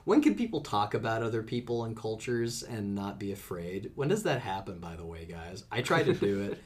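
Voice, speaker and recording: A man's voice: fairly low pitch, very animated, a little fast. A man from the United States, a comedian chatting as a podcast guest, joking, rambling and swearing freely. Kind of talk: casual podcast chat.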